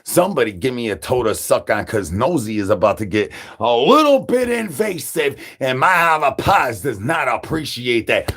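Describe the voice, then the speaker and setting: A man's voice: medium pitch, very animated, normal speed, hardly any pauses, a bit bright, slightly rough. A man doing a crude, absurd comedy monologue, rattling off rhyming nonsense and repeated catchphrases and calling for brains like a zombie. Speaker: comedy streamer.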